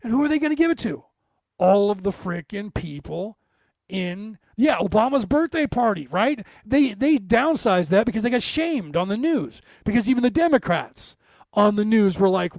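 A man's voice: high voice, animated, normal speed, creaky, a little mellow, dry recording. A middle-aged American man ranting about politics, sarcastic and mocking. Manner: ranting, sarcastic, mocks opponents in put-on voices. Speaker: commentator. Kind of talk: political rant.

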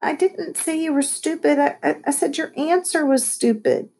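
A woman's voice: fairly high pitch, big pitch swings, unhurried, mellow, husky, pitched above the performer's own voice, full character voice. Woman doing a stammering, upset tween girl. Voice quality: stammering, pleading.

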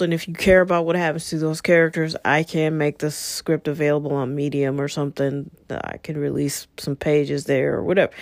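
A woman's voice: sits low, a little mellow, dry recording, studio quality. A woman in her fifties hosting a casual solo podcast as a screenwriter, talking candidly and rambling with many fillers and asides.

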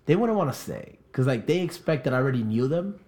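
A man's voice: mid-range voice, fast. A young man from South Florida telling a long story in casual podcast chat, swearing freely and acting out what others said. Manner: animated, profane, acts out quoted voices.

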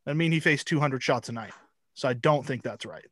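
A man's voice: mid-range voice, a little fast, fairly bright tone, dry recording, studio quality. A man co-hosting a casual hockey podcast, wry and skeptical as he reads out stats. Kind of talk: casual chat.

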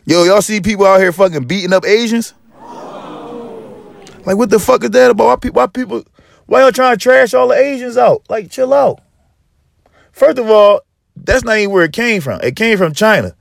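A man with a gravelly, somewhat high voice rants through a profane comedic monologue. He acts out the people in his stories and climbs into yelling. The sound is dry and close, with faint music underneath. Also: normal speed, long pauses, dry recording. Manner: animated storytelling, voices other people, rises to yelling. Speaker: podcast host.

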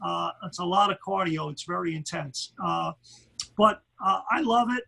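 A middle-aged basketball commentator with a Brooklyn accent, chatting animatedly in an interview and tripping over repeated words. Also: male voice, sits high, normal speed, gravelly, pushed and bright, low-quality recording. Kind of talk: casual interview chat.

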